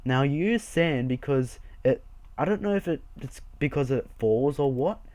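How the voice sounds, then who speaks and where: A man's voice: mid-range voice, expressive, moderate pace, a little mellow, no room sound. A young man hosting a casual game video, chatty, rambling and jokey as he walks through his build. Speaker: Minecraft server video host. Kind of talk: casual gameplay commentary.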